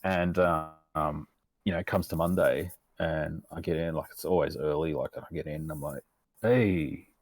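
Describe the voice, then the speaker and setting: A man's voice: rumbling low, little pitch movement, normal speed. An Australian man telling a story in casual podcast chat, laid-back and rambling, swearing constantly. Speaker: podcast guest.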